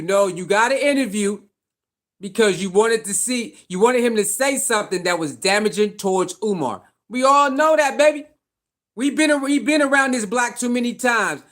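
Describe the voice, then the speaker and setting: High-voiced man in loose commentary. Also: animated, normal speed, a bit bright. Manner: loose, conversational, talks back to the clip. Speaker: commentary host. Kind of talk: casual commentary on a played clip.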